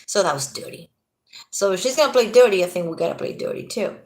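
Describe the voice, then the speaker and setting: A woman's voice: mid-range voice, fast talker, darkish tone. Tired, agitated woman ranting. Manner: agitated, rambling, swears freely. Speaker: vlogger. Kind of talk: casual rant to camera.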